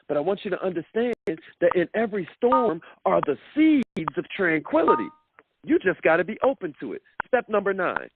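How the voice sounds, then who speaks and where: Animated motivational speaker, man on a tinny line. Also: fairly high pitch, background noise. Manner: preacher-like, repeats words, acts out quoted voices. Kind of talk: motivational talk. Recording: dry tinny phone-like sound.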